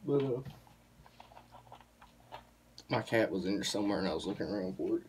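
A man's voice: fairly low pitch, lively intonation, moderate pace, a little mellow, slight background noise. A young man, telling a rambling, profane story to the camera in a casual vlog. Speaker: vlogger.

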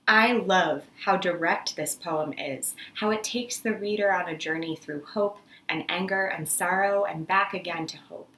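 A woman's voice: medium pitch, a bit bright. Encouraging woman teaching an arts lesson. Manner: upbeat and encouraging. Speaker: church arts lesson host. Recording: roomy echo.

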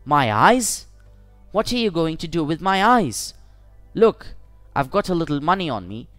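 A man voicing a terrified traveler held at knifepoint, pleading in a rushed, high-strung way in a storybook reading. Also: sing-song, a bit bright, no echo, soft background music. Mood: pleading, panicked.

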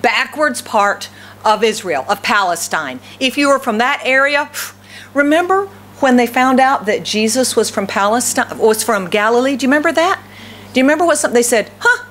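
A woman's voice: a little high, fairly bright tone, slight background noise. A woman pastor from the southern United States with a light Southern accent, preaching a sermon and asking her congregation many rhetorical questions.

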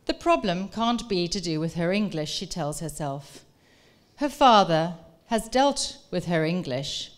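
A middle-aged woman speaks slowly and deliberately, her voice smooth and crisp as she addresses a live audience in a museum room. She reads aloud in an articulate, measured way and then turns to the crowd with engaging questions. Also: fairly low pitch, animated. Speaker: professor giving a public talk.

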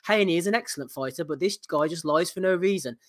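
A man's voice: a little high, fast talker. Man, podcast host, casual chat, reads messages aloud, giggly. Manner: jokey, laughs while reading.

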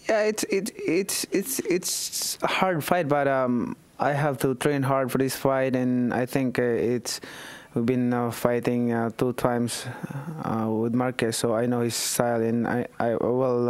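Slow, hesitant man. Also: mid-range voice, steady tone, darkish tone, clear, resonant tone, no room sound. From Philippines. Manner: hesitant, many pauses and fillers. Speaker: boxer and politician.

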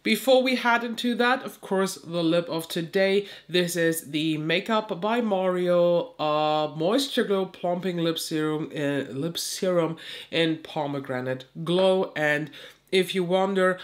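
A woman with a slightly low voice, made nasal and stuffy by a cold. She chats casually and reviews beauty products in a vlog. She often repeats and restarts her phrases. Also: a little slow. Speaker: beauty YouTuber.

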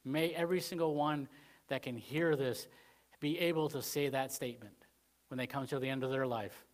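A man preaching a Wednesday sermon in church in a rambling, conversational way, full of "you know" fillers, swinging between emphatic points and quiet asides. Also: mid-range voice, a little fast. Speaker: pastor.

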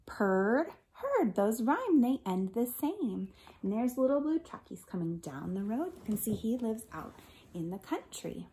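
A woman reads a picture book aloud to children with expressive animation, posing questions to her listeners and now and then dropping to a whisper. Her voice is on the high side and she reads a little slowly.

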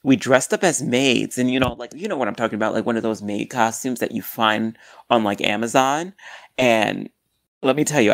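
A woman's voice: very deep voice, dry recording. A woman voicing a crude, boastful young man in a scripted comedy podcast.

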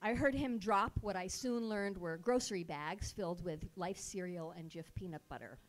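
A woman telling a comic personal story at a live show with sarcastic, animated delivery into a stage mic. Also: fairly low pitch, moderate pace.

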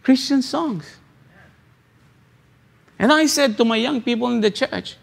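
A man pastor preaching a sermon, repeating phrases and asking rhetorical questions with halting restarts. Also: extremely high pitch, vocal fry. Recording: long hall reverb.

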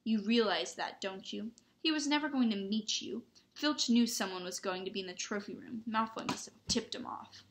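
A woman's voice: mid-range voice, normal speed, a little hiss or hum, natural voice. A woman voicing a clever, bossy schoolgirl who talks in a breathless, scolding way. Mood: urgent.

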